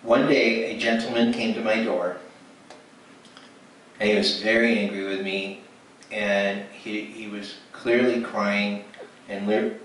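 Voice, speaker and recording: A man with a fairly low voice shares a testimony sermon at a ministry event in a church hall, telling his story and acting out quoted dialogue with frequent restarts. The echoey recording is taken from far off and carries faint noise.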